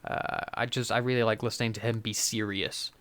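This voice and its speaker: A man's voice: lowish voice, flat delivery, a little fast, fairly bright tone. A man co-hosting a podcast, chatting casually with frequent laughs while recapping a TV episode. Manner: chatty, laughs often, many fillers. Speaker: podcast co-host.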